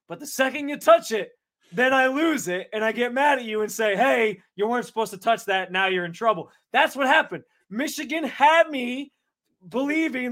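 A man with a very high voice co-hosts a sports podcast, debating casually in an animated, blunt way and swearing freely.

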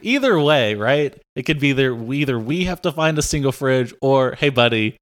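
A man produces and co-hosts a comedy podcast, riffing in a rambling, sarcastic way. His pitch is average, and the close, dry recording has no room sound. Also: lively intonation, moderate pace, no echo. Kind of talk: joking podcast banter.

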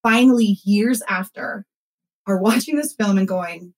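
A woman's voice: medium pitch, unhurried, rough recording. Chatty woman in her 30s, podcast host, tells stories and does everyone's lines, lots of "like" and "um". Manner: animated storytelling, acts out quotes, frequent fillers. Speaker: podcast host and former consultant. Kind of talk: casual conversational interview.

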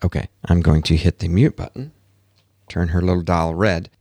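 A low-pitched man with a gravelly, fry-laden voice, talking casually as a podcast host. He tells his stories with animation and acts out the other people in them. The sound is dry and close. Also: normal speed, no echo. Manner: animated storytelling, acts out quotes, laughs at himself. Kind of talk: casual monologue. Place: home office.

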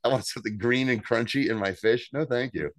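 A man co-hosting a podcast, casually recapping an episode with animated, swearing commentary and acted-out quotes. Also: brisk, no echo, studio quality. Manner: animated, acts out quotes with jumps in pitch, swears freely. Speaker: podcast co-host.

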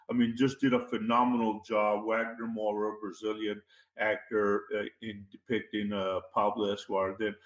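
Male guest, emphatic storyteller, mid pitch, roomy echoey sound. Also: a bit bright. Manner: emphatic, repeats key phrases. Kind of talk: casual interview talk. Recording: roomy echo.

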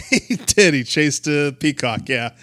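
A man's voice: a little high, animated, slow pace, sharp tone, dry recording, clean studio sound. Chatty man hosting a podcast. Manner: laughing, loose and conversational. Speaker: podcast host. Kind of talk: casual chat.

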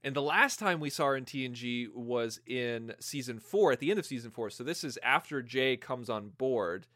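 A man co-hosting a podcast, chatting casually and brainstorming ideas out loud. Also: mid-range voice, animated, moderate pace, dry recording, clean studio sound. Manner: brainstorming, acts out scenes in quoted voices. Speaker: podcast co-host. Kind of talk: casual fan chat.

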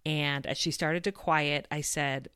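Low-voiced woman hosting a parenting podcast. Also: steady tone, a little slow, fairly bright tone, clear, resonant tone, no echo, clean studio sound. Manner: earnest, reflective storytelling. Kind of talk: scripted podcast monologue.

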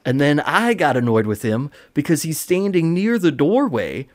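A man's voice: fairly high pitch, very animated, normal speed. Casual storytelling man, wrestling podcast host. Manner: rambling, laughs while telling stories, swears casually.

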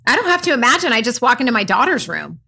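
A woman co-hosting a podcast chats with a high, bright, forceful voice. She is blunt and swears freely, laughing her way through the conversation. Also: big pitch swings, racing, creaky, husky. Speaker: podcast co-host. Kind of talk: casual chat.

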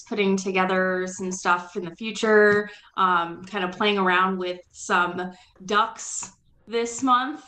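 Bright-voiced woman in an echoey room. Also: a little high. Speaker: guest. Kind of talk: casual chat. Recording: roomy echoey audio.

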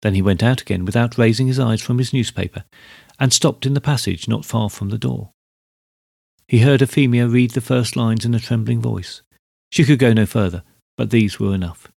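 A male narrator reads a classic tale aloud with a measured, steady delivery. His voice is gravelly and husky, and it sounds close and dry with no room around it. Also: mid-range voice, dry recording. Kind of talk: scripted storybook narration.

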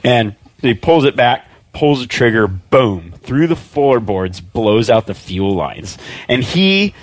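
A man in casual podcast conversation, telling a hunting story with lively animation and acting out what others said. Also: mid-range voice, slow pace. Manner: animated storyteller, acts out quoted voices. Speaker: podcast guest.

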